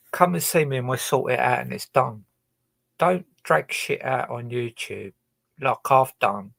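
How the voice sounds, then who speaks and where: A man's voice: mid-range voice, gravelly, fairly bright tone, dry recording. Rambling, swearing man, dry sound. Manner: rambling, hesitant, heavy swearing. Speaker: livestreamer. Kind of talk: casual livestream chat. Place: his own boat.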